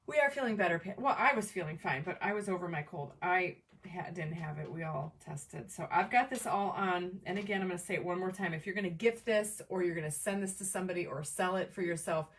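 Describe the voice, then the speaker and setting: A woman hosting a live crafting demo from home, chatting with viewers by name in an excitable, chatty way. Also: fairly low pitch, brisk, few pauses, distant mic. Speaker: crafting livestream host. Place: home craft table, camera on tripod.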